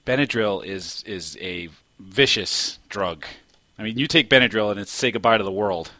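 A man's voice: on the low side, normal speed, no room sound. A man hosting a casual podcast chat, joking around and laughing often. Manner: jokey, laughs often, animated. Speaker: podcast host.

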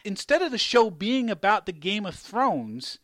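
A man hosting a casual chat, rambling and animated, swearing and laughing often. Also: high voice, a little slow, dry recording, studio quality.

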